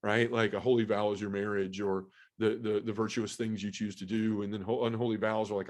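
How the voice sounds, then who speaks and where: A man sharing an emotional personal testimony as a podcast guest, earnest and halting, with many fillers. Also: on the low side, level tone, a little mellow. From Memphis area, US South.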